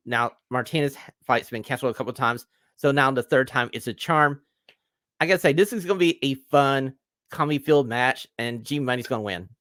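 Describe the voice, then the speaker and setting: A man hosting a wrestling podcast, previewing matches with casual enthusiasm and pushing listeners to buy tickets. His voice sits at a middle pitch, and the recording is dry with no room echo. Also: fairly quick, fairly bright tone. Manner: enthusiastic, plugging the show. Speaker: podcast host.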